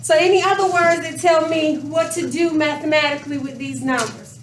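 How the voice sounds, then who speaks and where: In a high-pitched, steady voice at normal speed, a woman runs a math class, asking her students questions and lengthening words for emphasis. A camera across the room picked her up from a distance, and the classroom echoes.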